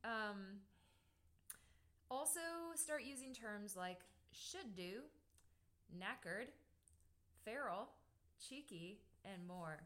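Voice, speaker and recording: A woman's voice: medium pitch, lively intonation, drawn-out words, pauses often, fairly bright tone. A woman hosting a casual podcast, reading through a list of tips in a chatty, playful way. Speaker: podcast host.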